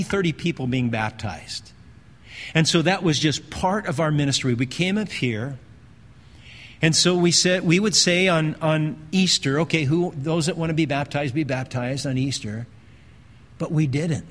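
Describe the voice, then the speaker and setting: A male pastor preaching a sermon in a conversational way, slowing down and repeating phrases for emphasis. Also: fairly high pitch, fairly bright tone. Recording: long hall reverb.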